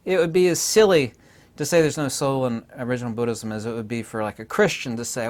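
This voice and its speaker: A man giving an unscripted solo talk as a channel host, digressive and self-assured, with sudden bursts of higher, louder emphasis. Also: sing-song, fast talker. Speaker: channel host lecturing on philosophy.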